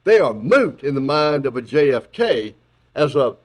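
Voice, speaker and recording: In an auditorium, a male philosophy professor gives a public lecture with animated energy and plenty of jokes, often restarting his sentences. His pitch is medium and his speed normal.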